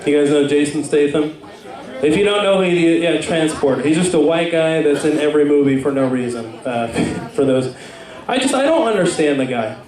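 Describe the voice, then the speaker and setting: Self-mocking young comic in echoey club. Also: male voice, a little high, lively intonation, normal speed, darkish tone. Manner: rambling, self-mocking, lots of fillers. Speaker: stand-up comedian. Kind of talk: stand-up comedy set. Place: comedy club stage. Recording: echoey club, far from mic, crowd.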